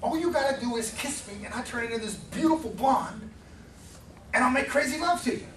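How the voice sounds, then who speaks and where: A man's voice: very high voice, lively intonation, fairly quick, fairly bright tone, a little hiss or hum, pitched above the performer's own voice. A man voicing a pushy talking male frog that keeps making insistent promises. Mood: pleading. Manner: insistent, increasingly exasperated pleading. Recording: roomy hall, distant mic.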